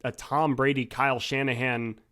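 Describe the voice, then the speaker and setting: Thoughtful mid-pitched guest man. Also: little pitch movement, normal speed, sharp tone. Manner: thoughtful, hedging analysis with restarts. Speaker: podcast guest, sports writer. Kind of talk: casual sports podcast chat.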